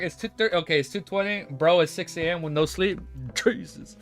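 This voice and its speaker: With a slightly high, fairly bright voice, lively intonation and a slightly fast pace, this young man chats casually on stream. Faint music plays behind his rambling, which is full of swearing, restarts and self-corrections.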